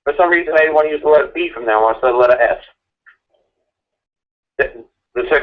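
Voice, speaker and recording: A man's voice: fairly high pitch, a little fast, long pauses. Man, phone-line sound, argumentative, repetitive, mocking rant. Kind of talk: impassioned ranting chat.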